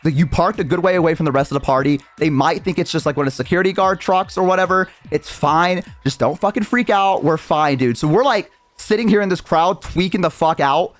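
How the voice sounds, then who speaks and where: A man's voice: on the high side, quick pace, hardly any pauses. A young man streamer telling a story casually, rambling and swearing with lots of restarts.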